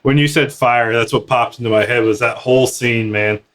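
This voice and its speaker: A man's voice: fairly even intonation, moderate pace, fairly bright tone. A man co-hosting a casual podcast, joking along, acting out funny bits and laughing a lot. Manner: playful, jumps into high-pitched mock quotes, laughs a lot. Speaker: podcast co-host. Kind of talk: casual banter.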